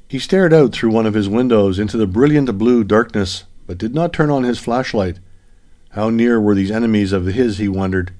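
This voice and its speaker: A man narrates an audiobook in a steady, even manner. His voice sits somewhat low. He reads a printed story aloud.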